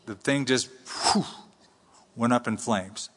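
A man preaching a conversational sermon, teaching from the Bible with animated swings between high and low. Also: takes it slowly, slight background noise. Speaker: pastor. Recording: long reverb in a large hall.

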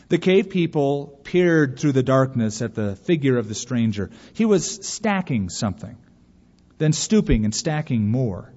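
A man's voice: mid-range voice, very animated, a little slow, dark tone. A man preaching a sermon and reading a story aloud, earnest and emphatic, pleading at times. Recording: dull recording with long hall reverb.

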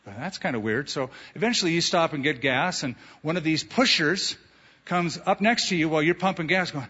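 Male pastor, sermon delivery, bright husky tone, lo-fi church recording with long reverb. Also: on the high side, fairly quick. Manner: animated preacher, acts out quoted voices. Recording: dull lo-fi sound in a reverberant hall.

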